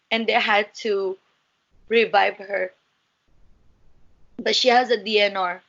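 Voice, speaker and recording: A woman in an interview, giving an earnest, emotional account in a halting way. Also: mid-range voice, fairly bright tone. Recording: muffled lo-fi recording.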